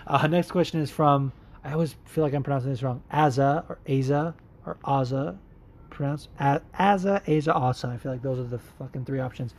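A man's voice: medium pitch, steady tone, fairly quick. A man hosting a casual solo podcast, rambling and swearing, with lots of restarts and fillers. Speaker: podcast host. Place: Los Angeles area.

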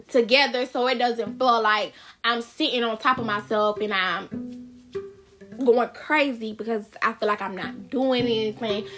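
A woman's voice: on the high side, fairly bright tone. A young woman hosting her own podcast in a chatty, informal way, talking straight to her listeners. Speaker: podcast host. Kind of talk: casual solo podcast chat. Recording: faint music behind voice.

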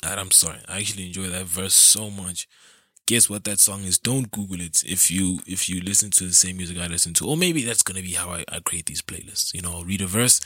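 Low-voiced man rambling casually. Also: bright, forceful tone, dry recording, clean studio sound. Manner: rambling, self-interrupting, laughs at himself. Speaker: podcast host. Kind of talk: casual solo chat.

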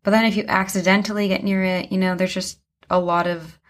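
A young woman co-hosting a podcast, listening and reacting with gasps and quick exclamations. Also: mid-range voice, level tone. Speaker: podcast co-host. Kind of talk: casual chat.

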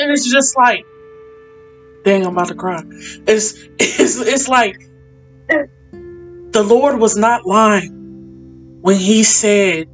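A woman's voice: medium pitch, slow, long pauses, faint music behind. A woman hosting a casual faith chat, speaking with feeling, repeating herself and calling her friends y'all and sis. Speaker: podcast host.

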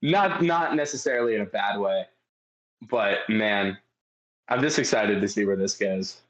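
A man co-hosting a podcast in casual chat, telling stories excitedly, laughing often and swearing freely. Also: on the low side, unhurried, muffled recording. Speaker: podcast co-host.

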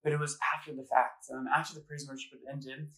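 A man's voice: mid-range voice, little pitch movement, fast, bright, forceful tone, rough recording. A man speaking as a campus minister, giving a casual faith talk to students in an earnest, personal storytelling way, full of "like" and "um". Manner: conversational, full of "like" and "um" fillers. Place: gathering room at a campus center, live audience.

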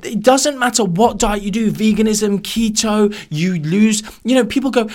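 A man's voice: sits high, moderate pace, few pauses, a little mellow. A man hosting a solo podcast, ranting sarcastically and mocking other people in put-on voices. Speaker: podcast host.

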